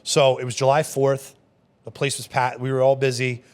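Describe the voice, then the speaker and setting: A man who manages a bar, telling stories in a casual interview, quick and animated with many fillers. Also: mid-range voice. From Long Island, New York. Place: podcast studio.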